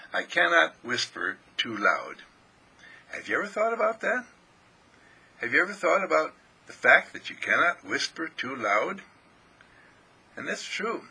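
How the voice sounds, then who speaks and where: A male minister giving a recorded inspirational sermon in an animated way, acting out a joyful inner voice in high excited tones. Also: slightly rough, low-quality recording.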